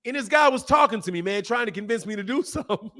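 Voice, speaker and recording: Talking casually to his camera, a boxing channel host gives animated, slangy commentary and laughs frequently. His voice sits high and he speaks fast, picked up by the camera mic.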